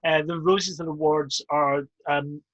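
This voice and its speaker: A man interviewing an awards chair, asking questions in a measured, polite way. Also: fairly high pitch, steady tone, a bit bright, no room sound, poor audio.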